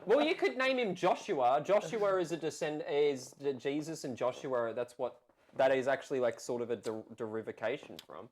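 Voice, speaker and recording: A man co-hosting a casual podcast, joking around in a playful, animated way. His pitch swings widely as he riffs and banters. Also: moderate pace. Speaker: podcast co-host. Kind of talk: casual chat.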